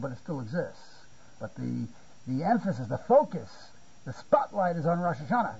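An older man lectures on Torah in a halting way, stumbling and repeating words and asking "you see?" to check that his listeners follow. His voice sits high but sounds mellow and husky. The recording is muffled and lo-fi. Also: very animated. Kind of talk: spontaneous Talmudic lecture.

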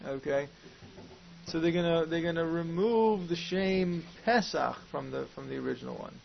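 A man whose voice is on the high side and creaky speaks at normal speed while teaching Talmud. He poses questions and reasons aloud with Hebrew and Aramaic terms, in a recording that is muffled, lo-fi and faintly hissy.

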